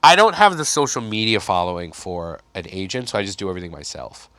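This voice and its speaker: A young man talks through his comedy career in an easygoing podcast chat, bouncing between stories and quick impressions of the people in them. His voice is bright and forward, and the mic sounds close and dry. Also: deep voice, no echo. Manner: animated storyteller, mimics people he quotes. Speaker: stand-up comedian guest. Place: Chicago.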